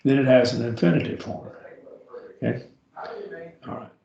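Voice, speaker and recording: A man teaching a beginning Greek grammar class, patient and slow, sounding words out syllable by syllable for his students. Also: medium pitch, vocal fry, mellow, reverberant, dull audio. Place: church classroom.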